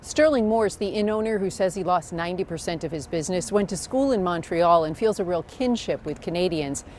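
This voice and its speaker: A woman reporter narrating a news story in a measured, scripted delivery. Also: on the low side, a little mellow, a little hiss or hum.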